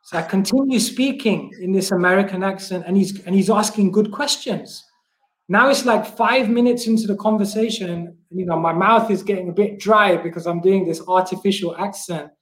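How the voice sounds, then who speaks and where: British man, interview guest, high voice, animated stories, lots of fillers, echoey room. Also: moderate pace. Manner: animated storyteller with many fillers and laughs. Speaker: guest, monk and book distributor. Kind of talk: casual interview storytelling.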